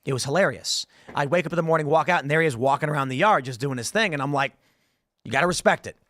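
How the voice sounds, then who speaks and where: A man hosting a casual panel talk show, telling stories in an animated way and reading viewer comments aloud. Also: a little high, racing. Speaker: show host.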